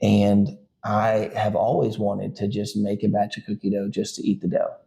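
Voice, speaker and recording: A man's voice: lowish voice, completely flat delivery, moderate pace, creaky, dark tone. A middle-aged man, a podcast co-host and father, telling a family story in casual chat, rambling with lots of fillers and restarts. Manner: rambling, full of likes and restarts.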